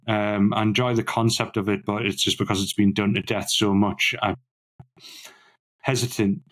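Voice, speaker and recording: A man co-hosting a casual film-review podcast, talking with enthusiasm and repeating words when excited. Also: fairly low pitch. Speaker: podcast co-host.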